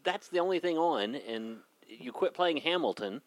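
Male guest host, highish animated voice, dry self-deprecating wit. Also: moderate pace, dry recording. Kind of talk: casual podcast banter.

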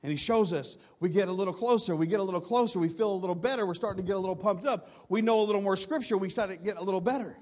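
A male guest pastor preaches a sermon built on repeated, escalating phrases, swinging between loud, urgent stretches and hushed, low ones. He speaks very fast, with few pauses.

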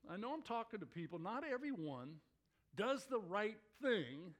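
A man preaching a sermon to his congregation, telling stories in an animated way with exclamations that rise. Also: sits high, normal speed. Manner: animated storytelling with rising exclamations. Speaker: pastor.

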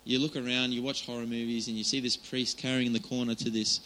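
A man preaches in a relaxed, conversational way, stopping and restarting his sentences often. His voice is very bright and forward, and it sits at an ordinary middle pitch. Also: fast talker, poor audio. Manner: casual and chatty, many fillers and restarts. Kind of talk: informal sermon.

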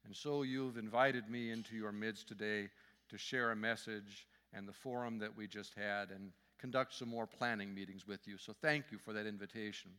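A man's voice: lowish voice, fairly even intonation, moderate pace, pushed and bright, clean tone, in a large hall. A man giving a guest sermon in a church in a friendly, joking, conversational manner. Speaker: guest speaker, fundraising consultant. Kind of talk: sermon with humor. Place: church sanctuary.

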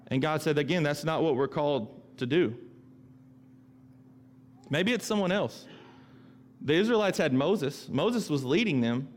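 A middle-aged male pastor preaching a sermon in a conversational way, often repeating himself and acting out the voices he quotes. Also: fairly high pitch.

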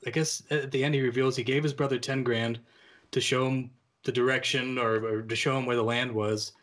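A man's voice: medium pitch, steady tone, a little fast, a bit bright. A man co-hosting a casual film podcast, agreeable and steering the conversation to new topics. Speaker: podcast co-host.

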